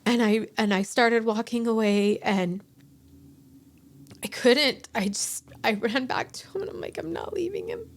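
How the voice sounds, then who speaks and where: A woman in her forties, appearing as a podcast guest, shares an emotional personal story haltingly, restarting often and acting out quotes. Her voice is on the high side.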